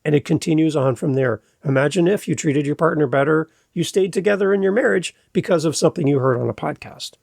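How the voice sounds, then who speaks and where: A man with a gravelly, slightly husky voice speaks in a casual podcast conversation, upbeat and motivational as he tells stories from his own shows. His voice sits a little high for a man and sounds close and dry. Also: fast talker, few pauses, darkish tone, no room sound. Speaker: podcast host and coach.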